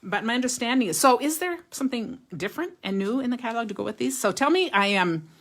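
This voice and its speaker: A woman's voice: on the high side, lively intonation, quick pace. Chatty, enthusiastic woman hosting a craft livestream. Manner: chatty and enthusiastic, laughs often; reads viewer comments aloud. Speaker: card-making livestream host. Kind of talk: live stream chat showing cards.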